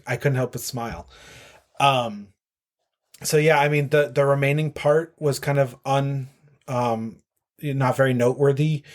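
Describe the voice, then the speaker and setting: A man, a podcast guest telling a long story casually, full of fillers and restarts. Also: mid-range voice. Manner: rambling with many fillers and restarts. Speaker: podcast guest, marathon runner.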